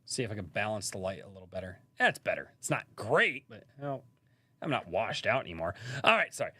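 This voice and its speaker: A man's voice: on the low side, sing-song, a little fast, pushed and bright, no echo. A man hosting a live-stream podcast from a rural home, chatting casually and rambling with many fillers and restarts.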